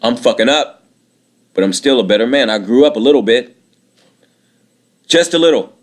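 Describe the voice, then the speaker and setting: A man in his late thirties delivers a bitter, aggrieved personal monologue, repeating himself and swearing a lot. His voice sits in the mid-range with lively intonation, and he talks at a normal speed.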